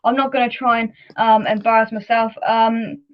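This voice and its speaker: A woman's voice: on the high side, little pitch movement, normal speed, lo-fi sound. A woman hosting a casual live fan preview show, chatty and hesitant with many ums. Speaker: fan channel host.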